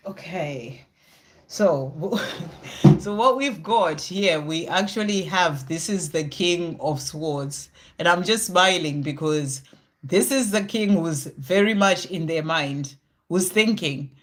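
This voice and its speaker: Live tarot reader, middle-pitched, reassuring, chatty fillers, thinks aloud between cards. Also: takes it slowly. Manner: reassuring, talks straight to the viewer with many "you know" fillers. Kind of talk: live card reading with viewers.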